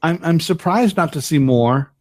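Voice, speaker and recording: A man's voice: fairly high pitch, lively intonation, normal speed, a little mellow. A man co-hosting a podcast in casual chat, often stammering and repeating words, with some casual swearing. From lived in Massachusetts, Virginia and upstate New York. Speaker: podcast co-host.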